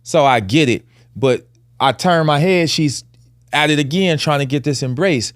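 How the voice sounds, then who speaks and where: Podcast host, male, fairly high voice, emphatic and heated, dry close sound. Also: moderate pace, dry recording. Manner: emphatic, rising to heated telling of a story. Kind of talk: casual podcast talk.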